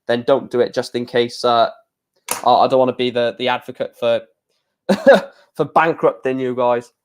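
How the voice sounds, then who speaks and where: A man hosting a casual live stream, talking in an excitable, rambling way with many restarts. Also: medium pitch, moderate pace, a little hiss or hum.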